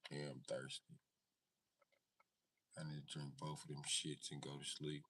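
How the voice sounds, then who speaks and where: A man's voice: extremely low pitch, completely flat delivery, a little slow, bright, forceful tone, breathy edge, far from the mic. A man in his thirties hosting a live stream, rambling casually and profanely and answering his chat. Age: 30s. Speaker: livestream host.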